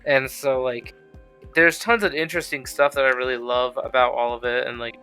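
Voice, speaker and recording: Young male host, clear resonant voice, jokey and profane. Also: medium pitch, steady tone, moderate pace, bright, forceful tone, soft background music. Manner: joking, loose and profane. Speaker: podcast host. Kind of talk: casual chat.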